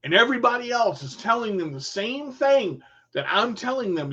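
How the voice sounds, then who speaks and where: A man telling a casual, animated story in folksy phrasing, acting out what people said. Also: very high voice, normal speed, breathy edge. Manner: animated storyteller, acts out quotes. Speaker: vlogger. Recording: dull lo-fi sound.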